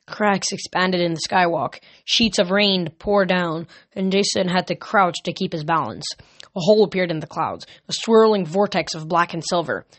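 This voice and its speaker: Woman reading a storybook, slightly low voice. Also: moderate pace. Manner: reads with small slips and self-corrections. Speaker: reader. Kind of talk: amateur audiobook reading.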